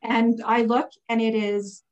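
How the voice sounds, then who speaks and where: A woman's voice: on the high side, little pitch movement, measured pace, rough recording. Earnest woman telling a heartfelt story. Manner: earnest, emotional storytelling with many fillers. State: recovering from pneumonia. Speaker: guest telling a personal story. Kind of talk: casual testimony.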